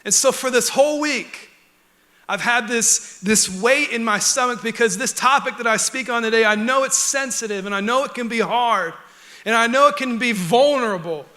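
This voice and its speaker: A young man preaches in a church, his voice sitting high and ringing bright. He talks earnestly and conversationally, often dropping to soft, close tones. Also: moderate pace. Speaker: pastor. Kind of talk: sermon. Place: church auditorium.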